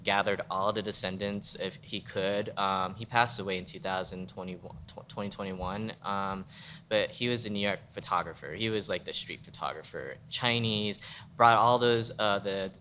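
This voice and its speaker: A man's voice: low voice, steady tone, moderate pace, pushed and bright, a little hiss or hum. A man guest photographer in a casual panel talk, rambling and frank, full of "like" fillers. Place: museum event space.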